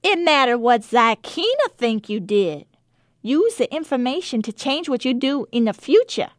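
A blunt, sassy schoolgirl, as a woman reading a story puts her on, lifting her voice higher and harder than the narration. She talks in loose, casual grammar and gets straight to the point. The sound is dry and close. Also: very animated, moderate pace, no echo.

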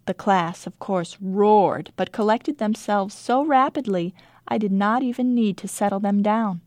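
A woman's voice: medium pitch, a little slow, darkish tone, no room sound. A woman teacher reading her own diary entries aloud in a dry, wry storytelling manner.

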